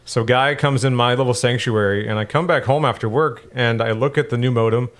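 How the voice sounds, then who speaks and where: A young adult man co-hosting a casual gaming podcast, telling stories in an animated, profane, ranting way. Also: medium pitch, brisk. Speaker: podcast co-host.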